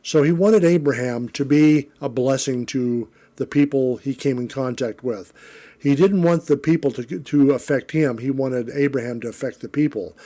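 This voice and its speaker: A middle-aged man with a mellow, warm tone teaches a Bible lesson. He moves between reading scripture and explaining it in easy, everyday words. He is relaxed and conversational, often pausing on fillers and correcting himself. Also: mid-range voice.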